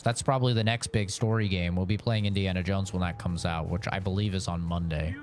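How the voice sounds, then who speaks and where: A man's voice: low voice, fairly quick, few pauses, a little hiss or hum. A Canadian man in his twenties streaming a game, chatting casually and rambling as he answers his viewers. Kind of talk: casual live-stream chat.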